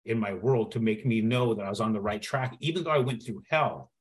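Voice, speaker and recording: A man telling a personal story as a podcast guest, acting out the dialogue with lively shifts in his voice. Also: fairly low pitch, a little fast. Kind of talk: storytelling in conversation.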